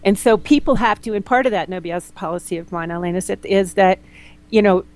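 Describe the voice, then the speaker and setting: A woman naturopath being interviewed, talking bluntly and telling lively stories, often acting out what people said. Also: medium pitch, fairly quick, poor audio. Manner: blunt, animated storyteller, quotes people in lively voices. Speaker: naturopath guest. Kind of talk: candid interview conversation.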